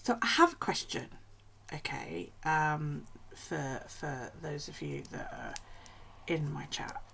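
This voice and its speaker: A chatty woman talking casually on a home live stream, with a gravelly edge to her voice. Her pitch jumps around a lot as she talks. She swears freely and laughs often. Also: expressive, slow, fairly bright tone, a little hiss or hum. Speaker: craft streamer. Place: home at night.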